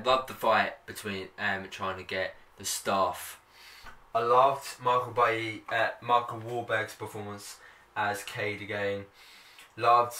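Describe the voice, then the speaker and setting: A man's voice: fairly low pitch, sharp tone. A man giving a casual spoken film review, enthusiastic and rambling, with many fillers and restarts. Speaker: movie reviewer. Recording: voice a bit far from the mic, faint background noise.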